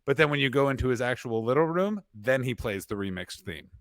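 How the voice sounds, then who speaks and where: A man in his thirties co-hosting a comedy podcast, spinning rambling, absurd stories and jumping into voices for the people in them. His pitch sits mid-range, and the recording is dry and close, with no room sound. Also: animated, brisk, vocal fry, dry recording. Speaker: podcast co-host.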